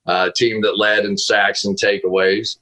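A man being interviewed as a football analyst over a video call from home, telling a story in a casual, animated way with frequent laughs and restarts. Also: on the low side, measured pace, rough recording.

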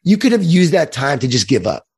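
A man's voice: on the high side, sing-song, fairly quick, a little mellow, breathy edge. A man from Long Island with a light New York accent, a guest in an interview who speaks in an earnest, upbeat way and repeats words while he thinks. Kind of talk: interview conversation.

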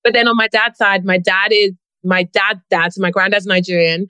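A woman from England with a British accent, chatting as a guest on a podcast in a lively, playful way. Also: medium pitch, moderate pace, smooth, dry recording. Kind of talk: casual podcast chat.

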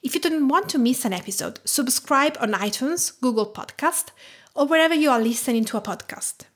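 A woman from Tuscany in her thirties with an Italian accent, hosting a podcast in measured, reflective scripted narration. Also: high-pitched, expressive. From Tuscany, Italy. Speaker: podcast host and home cook.

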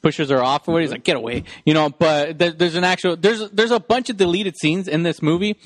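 A man's voice: a little high, quick pace, dry recording. A man co-hosting a podcast, chatting casually and rambling as he retells movie scenes. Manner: rambling, acts out quotes in voices. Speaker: podcast co-host. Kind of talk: casual chat about a movie.

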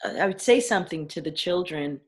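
A woman's voice: on the low side, fairly quick. A middle-aged woman from the Caribbean, an actor and educator, telling stories in a casual interview over a video call, laughing often and acting out what people said. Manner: animated storyteller, laughs often, acts out quotes.

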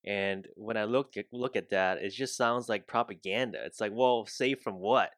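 A man's voice: on the low side, normal speed, fairly bright tone, no room sound, clean studio sound. A man in casual chat, blunt and swearing, often laughing while he talks.

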